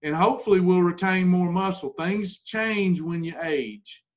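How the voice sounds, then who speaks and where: A man's voice: high-pitched, measured pace. A man leading a weight-loss group, talking in a blunt, folksy, preachy way. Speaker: weight-loss program leader. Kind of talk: motivational talk to a group.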